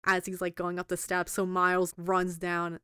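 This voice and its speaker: A woman co-hosting a podcast in casual chat, retelling a film in an animated way, swearing freely and acting out the characters' lines. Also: on the low side, moderate pace, clean tone, no room sound, clean studio sound. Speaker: podcast co-host reviewing a film.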